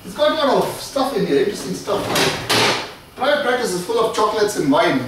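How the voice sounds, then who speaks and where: In a very noisy, very echoey office suite, filmed with the camera at a distance, a man with a high, sing-song voice talks fairly quickly. He gives a joking tour of the office and tells a long comic story, chuckling at his own punchlines in a casual comic monologue.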